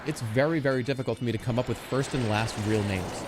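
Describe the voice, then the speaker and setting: A man in his thirties chatting casually with his live chat, animated and jokey, swinging between loud outbursts and low mutters. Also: fast, very noisy. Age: 30s. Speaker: livestreamer.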